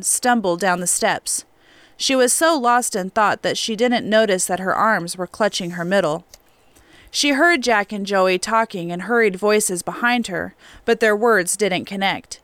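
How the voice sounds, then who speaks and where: A woman narrating an audiobook in a steady, even storytelling manner. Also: mid-range voice, dry recording. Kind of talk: scripted narration. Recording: clean dry studio recording.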